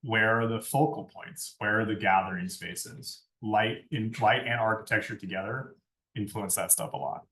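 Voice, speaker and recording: A man's voice: on the low side, steady tone, normal speed, pushed and bright. A man giving a conversational lecture on lighting design, often tagging his points with a questioning "right?". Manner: conversational, keeps asking "right?". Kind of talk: classroom lecture. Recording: echoey room, far from mic.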